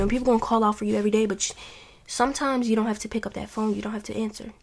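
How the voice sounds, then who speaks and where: A woman's voice: a little high, fast talker, darkish tone. A woman hosting a casual advice talk from home, earnest and heartfelt, rambling with restarts. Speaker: podcast host. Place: home with family noise nearby.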